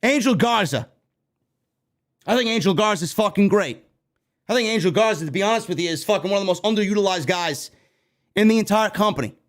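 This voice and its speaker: Heated, swearing wrestling-news host, high voice. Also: male voice, a little fast, pauses often. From New York. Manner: animated, heated, heavy swearing. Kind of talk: profane ranting commentary.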